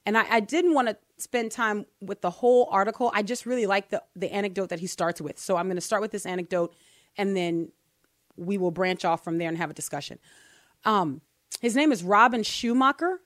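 A woman's voice: medium pitch, fairly quick, no room sound, studio quality. A woman hosting a faith podcast, chatting casually and animatedly, often giggling while she reads aloud. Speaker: podcast host. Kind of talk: casual chat about faith.

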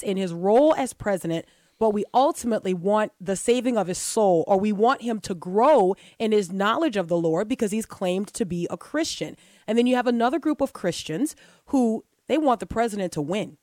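A woman's voice: mid-range voice, a little mellow, no room sound, studio quality. A woman from the United States, a guest on a Christian radio talk show, speaking in an earnest, preaching cadence.

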